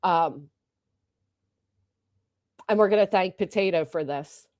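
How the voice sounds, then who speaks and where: A woman's voice: fairly low pitch, slow pace, a little mellow, no room sound, clean studio sound. A woman hosting a livestream, delivering an upset and indignant rant full of profanity. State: upset and agitated. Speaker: livestream host.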